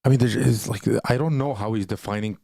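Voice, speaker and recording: A man's voice: medium pitch, quick pace, vocal fry, warm tone, no room sound, studio quality. A man co-hosting a discussion show, talking casually and joking with his partner. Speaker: co-host. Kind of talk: livestream discussion.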